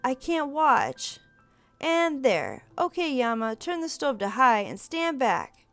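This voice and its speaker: A bubbly, animated woman playing through a story game and voicing the lead sister role. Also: sits high, a little slow, clear, resonant tone, soft background music. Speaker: game streamer. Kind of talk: reading a visual novel aloud.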